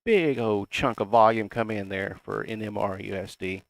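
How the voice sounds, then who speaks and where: Middle-aged Southern man, folksy market commentator, gravelly voice. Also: fairly low pitch, moderate pace. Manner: folksy, reads price levels aloud. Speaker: crypto chart analyst. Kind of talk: casual chart commentary.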